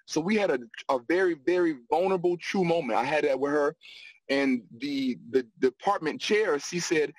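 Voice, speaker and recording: Man, fairly high voice, animated storyteller, dry close recording. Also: moderate pace, no room sound, poor audio. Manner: animated, laughs often, repeats phrases. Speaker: guest, actor and acting coach. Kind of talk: storytelling in a casual interview.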